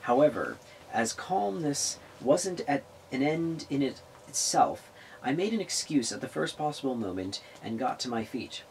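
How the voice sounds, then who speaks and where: A man's voice: fairly low pitch, lively intonation, moderate pace, a little hiss or hum, rough recording. A man reading a novel aloud, stumbling over words and restarting lines. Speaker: reader of a novel on a public access show.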